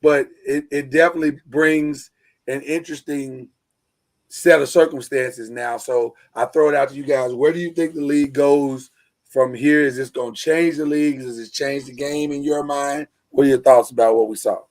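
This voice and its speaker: A man hosting a live sports talk show online, energetic and joking, loose with fillers. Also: medium pitch, moderate pace. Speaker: host.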